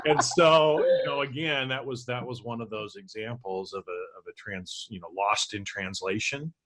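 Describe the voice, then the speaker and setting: A man's voice: medium pitch, fairly even intonation, normal speed, a bit bright. A man co-hosting a podcast, telling an easygoing story in casual chat with many restarts. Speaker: podcast co-host.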